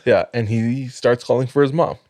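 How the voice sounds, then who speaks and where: A man hosting a podcast, telling a spooky story in a measured, dramatic way. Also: medium pitch, a little mellow, no room sound, clean studio sound. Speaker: podcast host.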